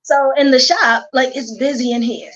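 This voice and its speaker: High-pitched baltimore woman, chatty, acts out quotes, kinda muffled lo-fi sound. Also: normal speed. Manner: animated storyteller, quotes herself and others. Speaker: guest, hair stylist. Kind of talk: casual chat.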